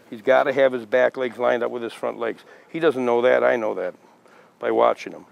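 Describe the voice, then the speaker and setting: A man's voice: mid-range voice, normal speed, vocal fry, a little mellow, slight background noise, poor audio. A man training a dog, giving repeated short commands and praise, then casually explaining the progress. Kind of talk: dog training demonstration with commentary.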